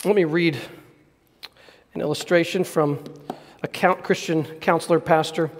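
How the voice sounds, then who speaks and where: A man preaching a sermon, earnest and emphatic, slowing down to stress key words. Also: on the high side, steady tone, in a large hall. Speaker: pastor.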